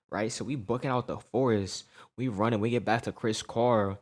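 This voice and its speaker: A young man telling a storytime tale in casual slang, animated and peppered with "right?" tags. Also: mid-range voice, normal speed.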